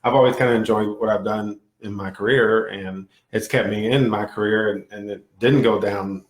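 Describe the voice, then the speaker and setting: A man's voice: fairly low pitch, fairly even intonation, normal speed, reverberant, low-quality recording. A man talking as a podcast guest in casual chat, hesitant, with many fillers.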